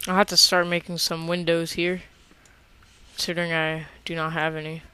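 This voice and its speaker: A woman's voice: on the low side, moderate pace, clear, resonant tone. A woman giving casual, chatty commentary as she plays a video game and talks to herself. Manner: relaxed, chatty, talks to herself while playing. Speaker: gameplay video host.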